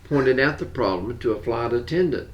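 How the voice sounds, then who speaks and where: A man's voice: mid-range voice, expressive, moderate pace, lo-fi sound. An older man with a Southern US accent, a talk show co-host telling jokes and laughing at his own punchlines. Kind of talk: casual joke telling.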